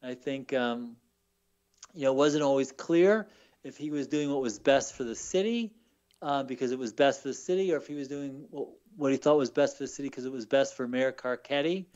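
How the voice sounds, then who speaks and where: A man's voice: medium pitch, brisk, darkish tone, dull audio. A man from Baltimore, a book author being interviewed on the radio, telling stories with lots of fillers and repeated words. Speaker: author guest. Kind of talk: casual radio interview storytelling.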